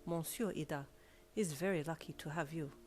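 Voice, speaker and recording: A woman's voice: low-pitched, darkish tone, close to an everyday voice. Woman doing a suave French valet. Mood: charming. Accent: French, put on. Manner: charming, flirtatious, slow and deliberate. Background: faint backing music.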